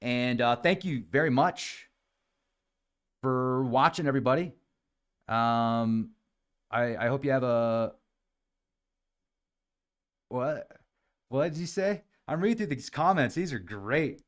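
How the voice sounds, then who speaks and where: A man's voice: mid-range voice, takes it slowly, pauses often. A man hosting a podcast livestream, chatting casually, reading viewer comments aloud and addressing people by name. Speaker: podcast host reading live chat comments.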